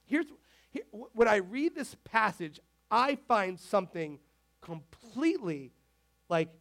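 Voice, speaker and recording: A man preaching a casual, animated sermon, peppering his speech with "like". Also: high voice, measured pace, vocal fry. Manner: animated, filler-heavy with frequent "like"; talks to the tech crew mid-sermon. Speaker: pastor.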